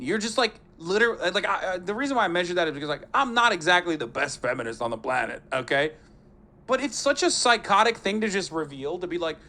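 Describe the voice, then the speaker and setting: A man streaming live, giving casual reaction commentary in a sarcastic, profane, animated way. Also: sits high, fast.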